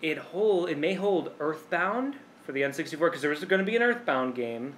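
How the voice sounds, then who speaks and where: Male podcast co-host, slightly high voice, giggly and rambling, faint hiss in the background. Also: animated, fairly quick, fairly bright tone. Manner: laughs often, rambling with fillers. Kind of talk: casual chat.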